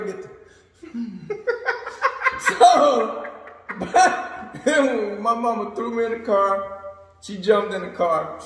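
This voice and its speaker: A man in his thirties spins a casual story with lots of laughter, acting out the people in it. His voice sits high and swings widely. It is heard in a very echoey room with a long reverb. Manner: animated, laughing a lot, acting out quotes.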